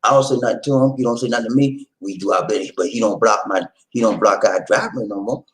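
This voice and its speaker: A middle-aged man hosting his vlog at home, telling stories in a folksy, animated way and talking straight to his viewers. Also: lowish voice, fast, rough recording. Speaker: vlog host. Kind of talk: casual storytelling chat to camera. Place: home in the Philippines.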